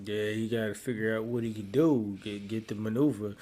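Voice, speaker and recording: A man's voice: lowish voice, fairly even intonation, a little fast, warm tone. A man co-hosting a podcast, recapping a show in laid-back, slangy casual chat. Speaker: podcast co-host.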